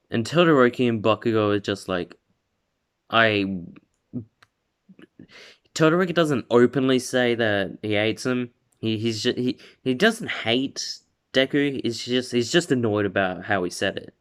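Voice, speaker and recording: Slow, rambling young man retelling a story. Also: lowish voice, smooth. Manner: rambling, full of "like" and self-corrections. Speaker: video creator. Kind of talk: casual retelling of a fan story.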